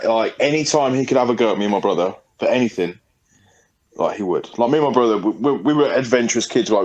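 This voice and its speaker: A man's voice: on the low side, darkish tone, rough recording. A man, a podcast co-host telling a story in a rambling, sweary, casual way. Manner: rambling, sweary, laughing often.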